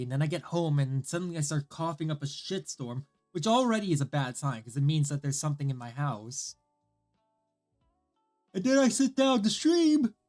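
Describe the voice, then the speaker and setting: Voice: mid-range voice, a little mellow. A streamer at home, tired and coming down with a cold, chatting casually while practicing Japanese, frustrated and swearing often.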